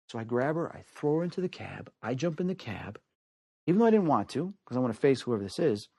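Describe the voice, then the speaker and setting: A man from the United States recounts a personal story, jumping up in pitch and loudness whenever he acts out what someone said. His voice sits in the middle range for a man. The recording is dry and close, with no room sound. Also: lively intonation, brisk, no room sound. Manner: acts out quoted voices with big pitch swings. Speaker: storyteller guest.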